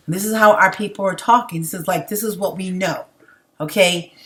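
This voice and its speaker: A woman's voice: fairly low pitch, fairly even intonation, normal speed, a bit bright. An outspoken woman giving casual, emphatic commentary as she reads out viewer comments, laughing between points. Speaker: livestream commentator.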